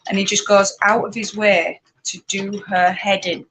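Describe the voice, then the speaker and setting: A woman with a Yorkshire accent chatting casually and rambling on a live stream, talking loudly over her spinning wheel and laughing often. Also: medium pitch, flat delivery, normal speed, slight background noise, rough recording. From Yorkshire, England. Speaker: spinning channel host.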